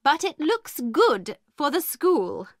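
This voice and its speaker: A stern, indignant headmistress, put on by a woman reading a storybook aloud, her voice climbing high and swinging widely as she presses each word slowly and sharply. The sound is close and dry. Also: very animated, no echo, exaggerated voice. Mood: pleased. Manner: sharp, indignant, slow and emphatic. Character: stern, angry female headmistress, middle-aged.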